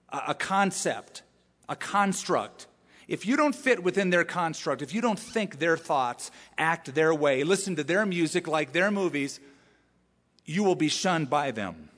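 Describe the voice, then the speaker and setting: A man's voice: fairly high pitch, big pitch swings, measured pace, a bit bright. Conversational male pastor preaching. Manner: conversational, rhetorical questions. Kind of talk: sermon. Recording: echoey hall reverb.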